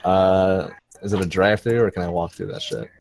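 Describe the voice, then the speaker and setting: Deep-voiced laid-back man. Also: level tone, fairly quick, creaky, darkish tone. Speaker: player. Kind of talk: casual tabletop play over video call. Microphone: video call.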